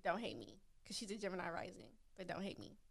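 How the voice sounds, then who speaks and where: A woman's voice: on the low side, very animated, quick pace, vocal fry. Easygoing woman podcast co-host. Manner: easygoing, lots of fillers like "you know what I'm saying". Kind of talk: casual chat.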